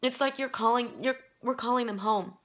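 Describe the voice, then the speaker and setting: A woman's voice: a little high, normal speed, fairly bright tone. A middle-aged woman giving a spiritual oracle card reading, talking in an emotional, earnest way and often restarting her sentences.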